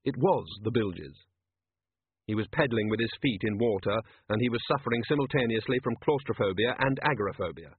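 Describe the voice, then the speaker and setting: A man narrating an audiobook in an unhurried, dry storytelling manner. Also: lowish voice, husky, no echo. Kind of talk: audiobook narration doing character voices. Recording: tinny lo-fi dry recording.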